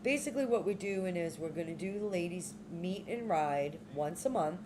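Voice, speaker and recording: A woman's voice: fairly low pitch, lively intonation, moderate pace, background noise. A woman co-hosting a casual chat podcast, talking in a laid-back, rambling way with many ums and self-corrections. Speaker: podcast co-host.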